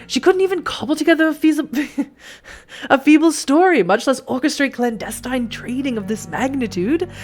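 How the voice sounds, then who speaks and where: A woman's voice: high-pitched, animated, moderate pace, a little mellow, soft background music, pitched above the performer's own voice. A woman voicing a haughty, menacing male vampire sheriff who speaks in a formal, condescending way.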